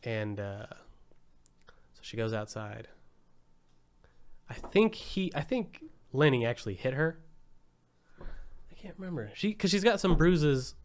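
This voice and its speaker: A man co-hosting a podcast, casually retelling a movie plot in an animated way and leaning hard on "like.". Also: mid-range voice, unhurried, long pauses. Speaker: podcast co-host. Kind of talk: casual film chat.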